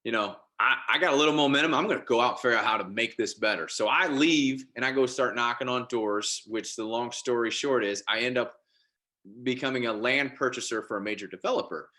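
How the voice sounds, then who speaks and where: A man's voice: medium pitch, brisk, bright, forceful tone. A man as a podcast guest, telling his life story casually and with animation, often restarting and repeating words. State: married father.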